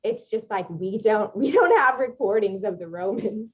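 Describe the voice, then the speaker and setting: A woman's voice: medium pitch, expressive, normal speed, poor audio. A young adult woman, a Latin teacher, explaining at length as a podcast guest in a thoughtful way with frequent filler words. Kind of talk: casual conversational interview.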